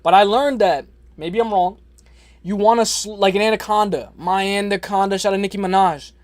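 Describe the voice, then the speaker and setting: Slangy, high-voiced male livestream host. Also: moderate pace, no echo. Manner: slangy, rambling, shouts out chatters. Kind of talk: casual livestream chat.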